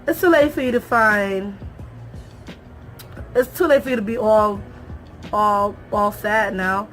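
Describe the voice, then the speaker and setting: Animated young woman recapping a show. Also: on the high side. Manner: animated, emphatic, repeats phrases for effect; talks straight to viewers, calls them y'all. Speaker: reality show recap vlogger. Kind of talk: casual recap commentary.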